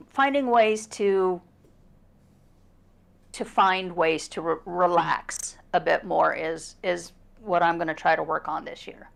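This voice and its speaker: A woman's voice: lowish voice, vocal fry. Chatty woman co-host, laughs easily. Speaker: producer and co-host. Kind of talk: casual livestream chat.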